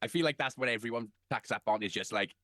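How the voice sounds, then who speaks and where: A man's voice: mid-range voice, quick pace, bright, forceful tone, no room sound, clean studio sound. A man co-hosting a podcast, reacting to stories with short interjections and laughter. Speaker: podcast co-host. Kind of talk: casual chat.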